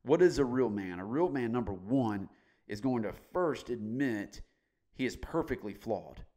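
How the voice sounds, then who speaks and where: A man's voice: mid-range voice, expressive, unhurried, mellow. A middle-aged man as a podcast guest, candidly telling his story in a blunt, emphatic way and swearing casually.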